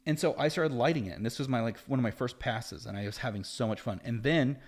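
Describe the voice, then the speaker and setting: Animated, rambling man hosting a livestream. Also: medium pitch, quick pace. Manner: animated and rambling, voice jumps up when quoting others. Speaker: host of a live effects-art stream. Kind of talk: casual livestream talk.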